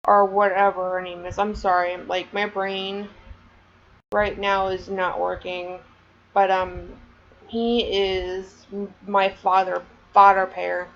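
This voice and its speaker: A woman's voice: mid-range voice, level tone, slow pace, highs cut off. A woman casually chatting on a vlog, showing off her collection and rambling with lots of "um" and "like.". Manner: chatty, rambling, many fillers. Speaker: vlogger. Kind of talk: casual show-and-tell.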